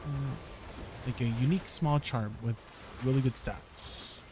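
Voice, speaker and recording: A relaxed man talks his way through a game stream at an unhurried pace, chuckling often as he fumbles with foreign words. His voice sits at an ordinary middle pitch, with a faint hum of ambience behind him. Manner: laid-back, laughs often, trying out foreign words. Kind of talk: casual game livestream chat.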